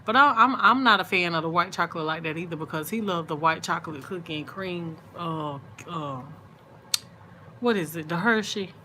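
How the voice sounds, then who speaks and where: A middle-aged woman, chatting with her viewers late at night in a sleepy, drawn-out, easygoing way. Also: on the low side, a little hiss or hum. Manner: chatty and drawn-out, soft and sleepy, murmured asides. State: sleepy, yawning. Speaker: vlogger on a late-night livestream.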